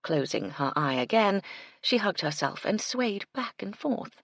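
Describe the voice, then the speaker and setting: A woman narrating a mystery audiobook in an expressive storytelling manner, on a close mic. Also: low-pitched, measured pace, no echo. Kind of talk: scripted narration.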